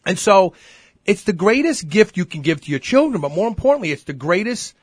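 Man, host, casual chat, husky, animated pitch, fairly high voice. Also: fairly quick, no room sound, clean studio sound. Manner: animated, opinionated, repeats words when starting. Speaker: podcast host.

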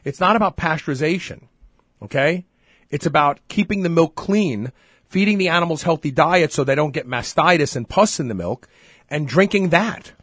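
A man hosting a podcast in casual chat, opinionated and animated, often repeating words as he starts a thought. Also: a little high, normal speed, no echo, studio quality. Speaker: podcast host.

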